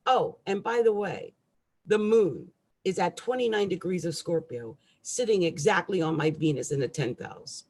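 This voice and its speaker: Woman, middle-aged, astrologer, live-stream rant, husky, very lively pitch, irritable outbursts. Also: moderate pace. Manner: ranting, irritable, swings between loud outbursts and quiet asides.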